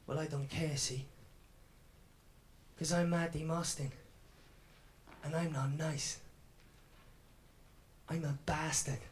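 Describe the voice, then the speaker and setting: A brash young Welsh comic. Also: male voice, a little high, fairly even intonation, slow, long pauses, noisy background. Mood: defiant. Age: 20s. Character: edgy young male stand-up comic, defiant. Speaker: comedian performing a routine. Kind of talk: radio drama acting.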